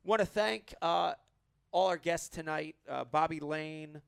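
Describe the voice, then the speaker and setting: A man's voice: fairly high pitch, a little slow, vocal fry, smooth, no echo, clean studio sound. A man hosting a casual live show, rambling and laughing as he thanks guests and signs off. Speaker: show host.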